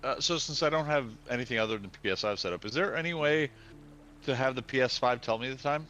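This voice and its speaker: A man playing a game without sight, asking halting questions and restarting his sentences as he learns it. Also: mid-range voice, sharp tone, lo-fi sound, soft background music. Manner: hesitant, halting, asks questions, restarts often. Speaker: blind guest player. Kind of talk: casual game stream chat. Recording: faint background hum.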